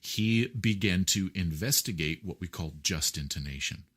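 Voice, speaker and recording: Interview guest, man, very low voice, lecturing explainer with lots of fillers. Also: expressive, moderate pace, a bit bright, slightly rough. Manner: lecturing, with many fillers and rhetorical checks. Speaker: guest musician.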